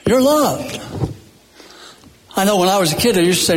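A man preaching a sermon in a church, emphatic and folksy, repeating phrases with dramatic pauses and joking now and then. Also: high voice, expressive, slight background noise. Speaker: pastor. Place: church sanctuary. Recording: long hall reverb.

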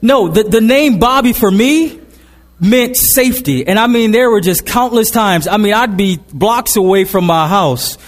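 A man's voice: sits high, animated, measured pace, long reverb tail. A man preaching a sermon, opening with prayer and telling a story with humor and frequent repeated words. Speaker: pastor. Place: church sanctuary.

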